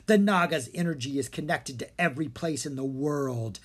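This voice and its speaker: A reader doing a cackling dark wizard from a storybook, pitched a touch above the reader's usual voice. He speaks slowly and with glee, every line a command. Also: breathy edge, lightly acted. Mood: gloating. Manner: slow, gleeful, commanding.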